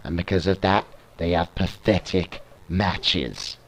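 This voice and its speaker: A smug male wrestler sneers at his rival and boasts about himself, as a British man reads him out. The voice is low and taunting. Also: slow, slight background noise. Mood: sneering.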